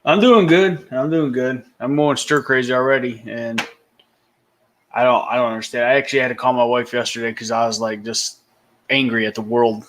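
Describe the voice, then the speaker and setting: A man's voice: mid-range voice, flat delivery, fairly quick, a bit bright, a little hiss or hum. A middle-aged man from Michigan hosting a casual morning live chat, laid-back and rambling, often restarting his sentences. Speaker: livestream host. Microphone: headphones and computer mic.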